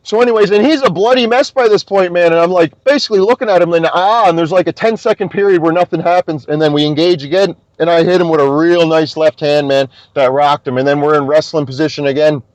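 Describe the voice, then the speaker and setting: A young man from Scotia, a podcast guest telling an animated story and swearing constantly. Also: on the high side, quick pace, few pauses, no echo, rough recording. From Nova Scotia, Canada. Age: young adult. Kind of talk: casual storytelling.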